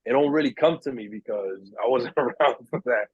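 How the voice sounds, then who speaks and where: A man's voice: mid-range voice, a little fast, husky, no echo, phone-quality sound. A young man telling a story in casual chat with friends, acting out the other people's lines. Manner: animated storyteller, acts out voices in quotes. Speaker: podcast host.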